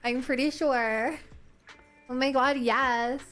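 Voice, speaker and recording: A woman's voice: high voice, steady tone, slow, fairly bright tone, soft background music. A woman with a New Zealand accent chatting casually and playfully on a gaming stream, with lots of "like" and "oh my god".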